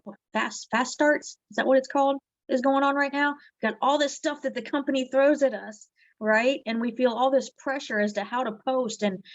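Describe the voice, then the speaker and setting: A woman's voice: medium pitch, dry recording. A woman leading a direct-sales team, speaking earnestly in a heartfelt motivational live video and often asking "right?". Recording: dull lo-fi audio.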